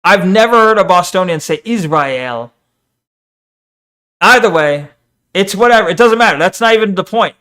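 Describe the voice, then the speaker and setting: High-voiced man rambling at his chat. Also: a little fast, bright, forceful tone. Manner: rambling, argumentative, reads chat messages aloud and answers them. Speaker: streamer. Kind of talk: casual live-stream chat.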